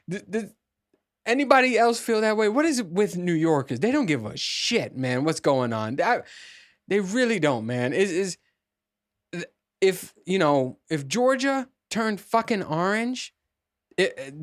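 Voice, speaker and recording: Profane, rambling man hosting a podcast. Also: on the high side. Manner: profane, rambling, with many restarts. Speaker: podcast host. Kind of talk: casual solo monologue.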